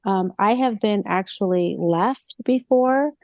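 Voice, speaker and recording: A woman's voice: mid-range voice, takes it slowly, no room sound. A woman co-hosting a casual podcast chat, telling stories animatedly and acting out quoted lines. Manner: animated storytelling with acted-out quotes. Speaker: co-host.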